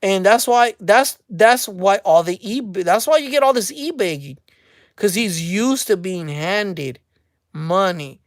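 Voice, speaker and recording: A woman's voice: fairly low pitch, a little slow, dry recording, clean studio sound. A woman hosting a casual commentary rant, mocking and speculative, repeating her phrases for emphasis. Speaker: commentary channel host.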